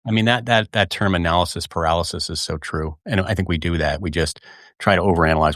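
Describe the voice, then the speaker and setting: A middle-aged man hosting a casual podcast chat, earnest and animated, with frequent restarts. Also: low voice, fast, no room sound, studio quality. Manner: earnest, many fillers and restarts, animated asides. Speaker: podcast host. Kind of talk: casual conversation.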